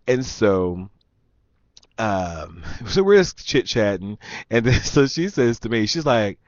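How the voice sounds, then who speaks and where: A man hosting his own show tells a rambling party story, chatty and laughing, and throws asides to his listeners. His voice sits on the low side. The recording is dry and slightly dull, with a lo-fi edge. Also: big pitch swings, takes it slowly, no echo. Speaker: show host. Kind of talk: casual storytelling monologue.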